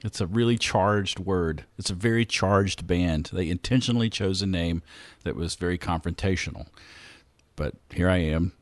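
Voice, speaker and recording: A man with a low voice and a Southern accent hosts a podcast. He reads his intro and sponsor spots in a relaxed, conversational way. The sound is dry and close, with no room around it. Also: moderate pace, dry recording. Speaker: podcast host.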